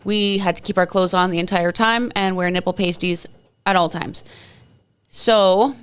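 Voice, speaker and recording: A woman in her thirties hosts a podcast on her own, chatting casually and wandering from topic to topic while poking fun at herself. Her voice is lowish and smooth, with fairly even intonation and an unhurried pace.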